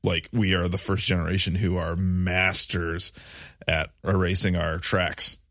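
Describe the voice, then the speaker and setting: A man's voice: low-pitched, flat delivery, unhurried, fairly bright tone, no room sound, clean studio sound. A man in his thirties co-hosting a casual podcast, rambling with many fillers and restarts. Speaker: podcast co-host. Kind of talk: casual chat.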